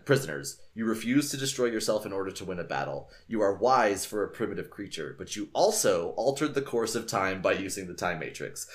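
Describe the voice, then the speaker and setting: Cryptic ancient alien being read by a guy, lowish voice, solemn and measured. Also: close to an everyday voice.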